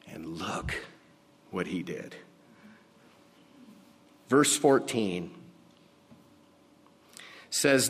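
A man preaching a sermon, slow and emphatic, dropping to a hush on key words, in a church sanctuary. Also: sits low, animated, breathy edge. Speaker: pastor. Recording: long hall reverb.

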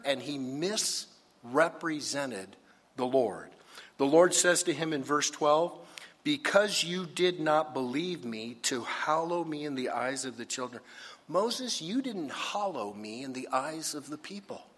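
A man's voice: a little high, expressive, a little slow, fairly bright tone. A man preaching a sermon as a pastor, emphatic and full of rhetorical questions. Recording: husky voice with long hall reverb.

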